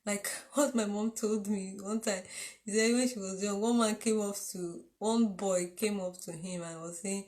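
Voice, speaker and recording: A woman's voice: mid-range voice, steady tone, moderate pace, a little mellow. Chatty woman teaching the Bible. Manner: chatty, laughs often, asks "You understand?".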